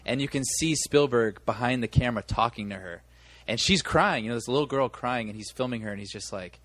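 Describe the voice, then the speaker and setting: A man's voice: mid-range voice, brisk, fairly bright tone. Rambling male podcast co-host. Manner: rambling storyteller, many restarts. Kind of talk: casual chat.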